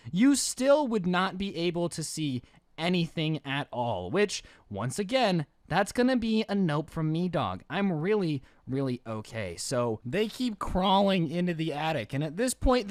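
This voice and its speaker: High, lively storytime guy. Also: no room sound, studio quality. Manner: animated, joking, exaggerated asides. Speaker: storytime narrator. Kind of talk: casual storytime narration.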